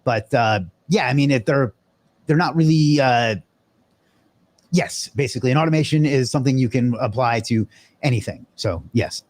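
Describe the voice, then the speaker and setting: A man hosts a live online session in a loose, offhand way. He talks casually with plenty of fillers and the odd swear word. His voice is mid-pitched and sounds dry and close, with no room echo. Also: normal speed. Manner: loose and profane, with many fillers. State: out of breath. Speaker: host of a live webinar.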